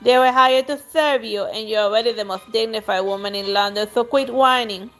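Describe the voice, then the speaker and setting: A woman's voice: on the high side, brisk, fairly bright tone, soft background music, close to an everyday voice. A woman reading as a dismissive blustering count. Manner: dismissive, scolding. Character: blustering aristocratic husband, a count. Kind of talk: reading game dialogue aloud.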